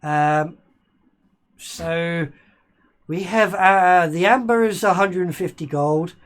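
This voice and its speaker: A man's voice: high voice, slow. Hesitant man running a tabletop game. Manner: hesitant, many ums and restarts while improvising. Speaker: game master. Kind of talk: narrating and voicing a merchant in a tabletop game.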